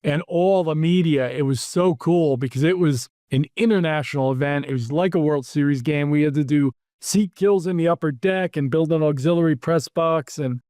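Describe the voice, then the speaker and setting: A man with a slightly higher-than-usual voice tells stories in a casual interview, acting out other people's lines with animated energy. The sound is dry and close, with no room echo. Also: normal speed, few pauses. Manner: animated anecdotes, acts out quotes. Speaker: podcast host, PR executive.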